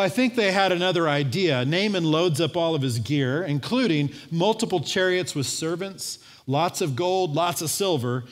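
A man preaching a sermon in a church, his voice a bit higher than most men's. He tells the story with life, slipping into the voices of its people. A long reverb from the hall trails every phrase. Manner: lively storytelling with acted-out voices. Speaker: pastor. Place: church sanctuary.

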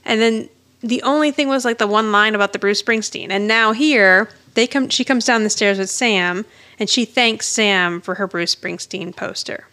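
A woman's voice: medium pitch, normal speed, sharp tone. A woman co-hosting a podcast, chatting casually as she recaps an episode, laughing often and acting out quoted lines. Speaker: podcast co-host.

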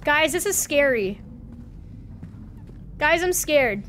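A woman's voice: sits high, animated, slow pace, a bit bright, slight background noise. A woman streaming a horror game, talking to her chat and swearing in flustered bursts as she gets lost and scared. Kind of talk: live gameplay commentary.

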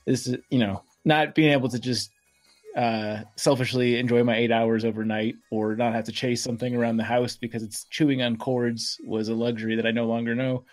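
A man's voice: mid-range voice, flat delivery, fairly quick, soft background music. A man chatting as a podcast guest, joking and self-deprecating. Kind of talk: casual podcast chat.

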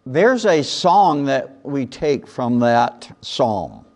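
A male pastor preaching a sermon with lively emphasis, reciting and chanting scripture lines. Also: medium pitch, very slow.

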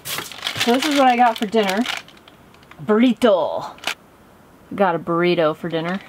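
A vlogger with a mid-range voice and lively intonation chats casually, a little slowly, from her off-grid tent camp in the woods. Background noise and music sit under her voice, and she often speaks to her dog in a soft, fond tone.

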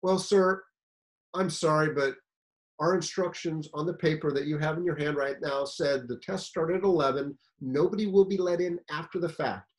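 A man voicing a calm, courteous male fire chief who speaks firmly and formally. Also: a little high, moderate pace, natural voice. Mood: polite firm.

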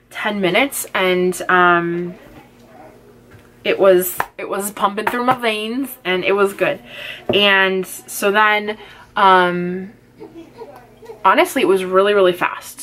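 A woman's voice: mid-range voice, fairly even intonation, unhurried, fairly bright tone, a little hiss or hum. Chatty young woman vlogger. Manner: casual, lots of fillers and acted-out quotes. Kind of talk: chatty get-ready-with-me storytelling.

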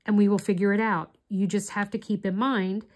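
A woman's voice: medium pitch, level tone, fairly quick. Chatty middle-aged woman crafting vlogger. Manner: rambling, chatty storytelling. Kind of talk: casual chat while doing diamond art.

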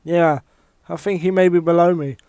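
A man commenting on his own wrestling game play, swearing and reacting loudly to every move. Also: fairly high pitch, fairly even intonation, normal speed, clean tone, dry recording. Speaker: gamer playing a wrestling game. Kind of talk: excited let's-play commentary.

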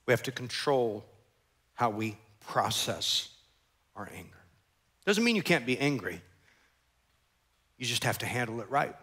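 Male pastor, sermon storytelling, animated, sharp bright voice. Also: medium pitch, unhurried, pauses often, slightly rough. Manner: animated, acts out characters and sound effects.

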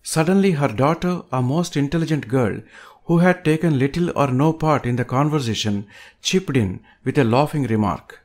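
A man reading an audiobook aloud with a measured, emphatic delivery. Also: medium pitch, lively intonation, darkish tone. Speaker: audiobook reader.

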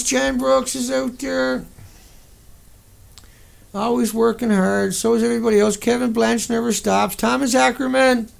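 A man's voice: very high voice, vocal fry. A man hosting a livestream, ranting in an indignant, profane, rambling way. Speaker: livestream host. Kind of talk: angry livestream rant.

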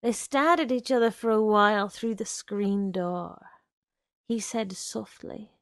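A woman giving a measured, deliberate literary reading of a short story. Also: medium pitch, no echo, studio quality.

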